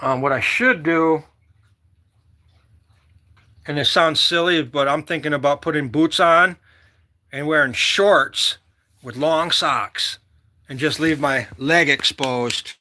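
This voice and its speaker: High, bright-voiced joking man. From Michigan. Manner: rambling, joking, loud whoops. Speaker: vlogger. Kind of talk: casual outdoor vlog chat.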